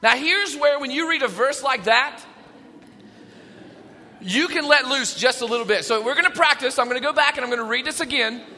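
High, bright-voiced animated pastor. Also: male voice, brisk, in a large hall. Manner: animated, shifts between hushed and shouting. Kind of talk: Easter sermon. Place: church sanctuary.

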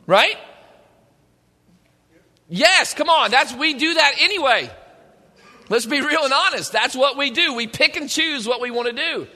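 A man preaching a sermon as pastor, animated and rhetorical, talking straight to his congregation. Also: extremely high pitch, a little slow, long pauses. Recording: long hall reverb.

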